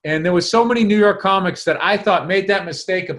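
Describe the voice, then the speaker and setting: A man co-hosting a podcast, telling comedy club stories in a profane, animated way. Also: high voice, fairly quick, hardly any pauses, roomy sound. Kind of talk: casual storytelling chat.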